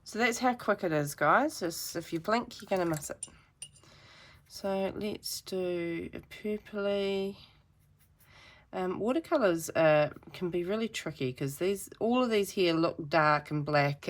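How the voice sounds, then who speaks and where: A woman's voice: low voice, unhurried. A woman giving a chatty, rambling painting tutorial with self-deprecating asides. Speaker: art teacher.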